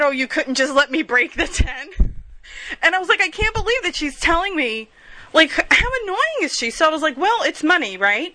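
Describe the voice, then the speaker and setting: A woman's voice: high voice, bright, forceful tone, poor audio. A woman telling rambling stories in a casual monologue, laughing at herself and swearing freely.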